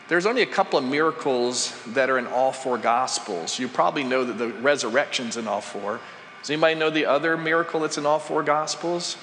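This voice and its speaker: Pastor preaching in a reverberant church. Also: male voice, mid-range voice, a bit bright, slight background noise. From United States. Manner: conversational, asks the congregation questions. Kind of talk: sermon. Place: church sanctuary. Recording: live church hall with long reverb.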